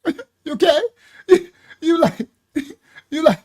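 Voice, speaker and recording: A woman from New York preaching a spiritual teaching, laughing often, calling out to listeners by name and slowing down to stress key words. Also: very high-pitched, darkish tone. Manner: slows down to stress single words. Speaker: minister. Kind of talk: livestreamed sermon teaching.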